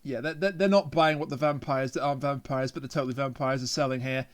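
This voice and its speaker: A man's voice: medium pitch, fairly even intonation, fast talker. A man co-hosting a review podcast in casual chat, teasing and bantering. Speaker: podcast co-host.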